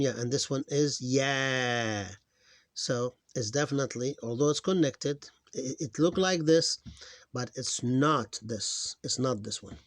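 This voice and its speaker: A man gives a phonics lesson at a deliberately unhurried pace, breaking words into syllables and repeating them. His voice sits at an ordinary pitch and is recorded close and dry, with no room sound. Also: no room sound. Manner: slow, sounding out syllables one by one. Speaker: Arabic reading teacher.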